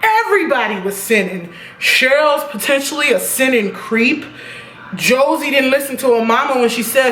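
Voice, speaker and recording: A young woman casually reviewing a TV episode, animated and profane, laughing at her own reactions. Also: fairly high pitch, moderate pace. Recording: echoey room with faint noise.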